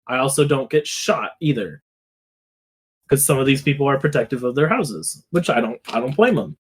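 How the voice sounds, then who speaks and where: A man's voice: mid-range voice, expressive, moderate pace, husky. A young man co-hosting a podcast, telling rambling, profane stories that drift into rants. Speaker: podcast co-host. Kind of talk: casual chat.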